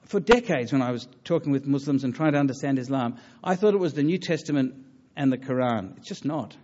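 Earnest, halting man lecturing. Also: mid-range voice, expressive, darkish tone, highs cut off. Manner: earnest, halting, with many fillers and restarts. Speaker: lecturer on religion. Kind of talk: public talk with audience questions.

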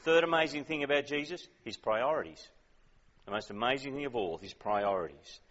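A man's voice: mid-range voice, expressive, a little fast, a bit bright, in a large hall, lo-fi sound. A man preaching a sermon in a conversational, emphatic way, often asking questions.

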